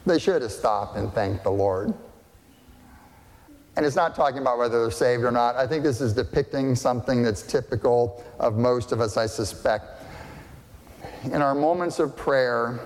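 A man preaching a sermon as pastor, deliberate and questioning, often checking that listeners follow. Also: medium pitch, a little mellow. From family partly German and partly English. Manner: slow, deliberate, asks the congregation questions. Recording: long hall reverb.

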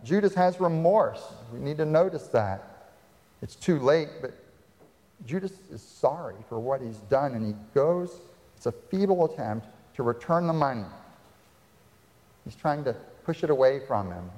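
A man's voice: medium pitch, a little mellow. A man preaching a sermon as pastor, retelling scripture dramatically and asking the congregation rhetorical questions. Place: church sanctuary. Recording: long reverb of a hall.

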